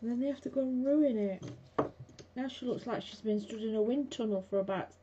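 A woman's voice: a little high, a little fast. A chatty, blunt woman hosting a craft live stream from her home craft room, talking to viewers as she works. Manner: chatty, blunt, chats with viewers while working. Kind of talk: casual craft demo chat with viewers. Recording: dull lo-fi with faint background hiss.

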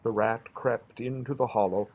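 A man reading a classic children's story aloud for his family with gentle, expressive storytelling. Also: mid-range voice, moderate pace, breathy edge, lo-fi sound. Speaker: reader.

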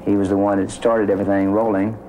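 Flat, firm-spoken man. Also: fairly low pitch, fast, slight background noise, rough recording. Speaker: guest.

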